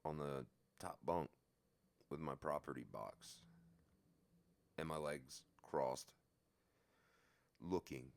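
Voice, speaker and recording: A man telling a story from his own life in a casual, profane, lively way. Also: a bass voice, slow, vocal fry, long pauses.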